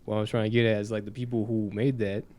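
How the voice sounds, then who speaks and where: A man's voice: on the low side, little pitch movement, quick pace, a little mellow. A young man from the United States co-hosting a casual podcast, rambling and repeating himself with lots of "like". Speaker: podcast co-host. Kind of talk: casual stoner chat.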